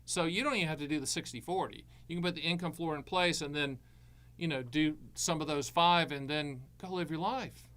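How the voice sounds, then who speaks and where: Blunt, sarcastic man with a bright voice. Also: a little high, a little fast. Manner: blunt, sarcastic, animated, jokey. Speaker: annuity advisor hosting a live stream. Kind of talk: live-stream rant and advice.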